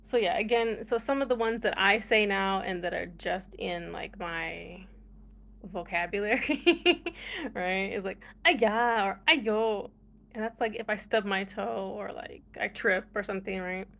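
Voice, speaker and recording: A woman's voice: mid-range voice, moderate pace, creaky, fairly bright tone. A young American woman chatting casually to her viewers, playful and laughing often as she talks. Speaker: vlogger. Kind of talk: casual chat to camera.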